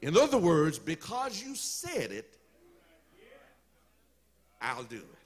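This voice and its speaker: A man preaching a sermon in a church, telling the story with animated call-and-response to the congregation. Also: fairly high pitch, slow. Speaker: pastor.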